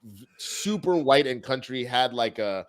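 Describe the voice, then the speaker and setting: A man in casual review chat, retelling scenes in an animated way, swearing freely and acting out the characters. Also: medium pitch, a little slow. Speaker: TV episode reviewer.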